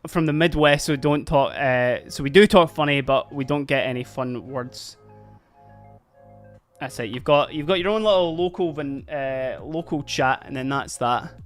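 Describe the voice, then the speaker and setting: A man's voice: medium pitch, normal speed, faint music behind. A young man with a Dundee Scottish accent, chatting casually with his stream while painting, laughing often and dropping Scottish slang. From Dundee, Scotland. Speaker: livestream host painting miniatures. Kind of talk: casual streaming chat with viewers.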